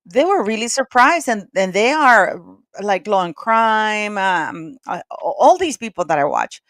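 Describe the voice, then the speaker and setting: Chatty, excitable woman on a call-in panel. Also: mid-range voice, unhurried, no echo, clean studio sound. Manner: chatty, excitable, many restarts and fillers. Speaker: regular panelist. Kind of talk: casual live call-in chat.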